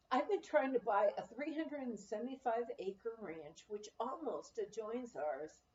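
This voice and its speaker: Slow-reading woman in an echoey room. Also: on the high side, a little mellow. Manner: slow, measured reading with quoted letters. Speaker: memoir reader. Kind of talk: unhurried audiobook narration. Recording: echoey room, dull lo-fi sound.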